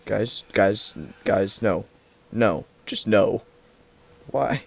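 A man's voice: fairly low pitch, drawn-out words, vocal fry, dry recording. A man gaming with friends on a horror map, panicky, yelping and repeating himself. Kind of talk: casual gaming chat.

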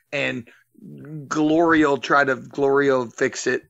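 A man co-hosting a casual podcast, his voice bright and forward but dulled by a muffled, lo-fi recording. He jokes freely and spins long, wry stories with the odd swear word. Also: fairly high pitch, measured pace, gravelly. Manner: joking, tells long anecdotes with swearing. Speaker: podcast co-host. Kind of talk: casual chat.

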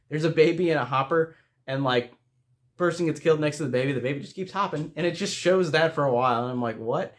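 Man, mid-range voice, casual vlog film reviewer, rambling and filler-heavy, chatty and amused. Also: mid-range voice. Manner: rambling, with many fillers and restarts.

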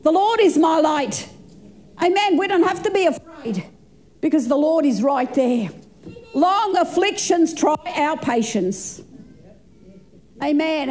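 A woman's voice: extremely high pitch, a little mellow. A woman pastor in her sixties preaching a fervent sermon, stretching and repeating her phrases.

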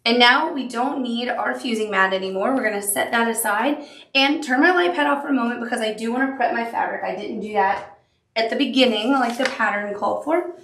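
A woman's voice: on the high side, brisk, gravelly, a bit bright, reverberant. Chatty woman teaching applique. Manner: chatty, upbeat, cooing over cute details. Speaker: quilting instructor. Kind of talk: sewing tutorial demonstration.

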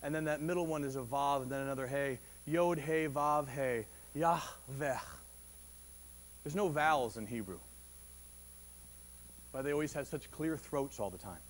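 A man preaching a Sunday sermon as pastor, animated and conversational, with frequent restarts and rising emphasis. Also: medium pitch, normal speed. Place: church service.

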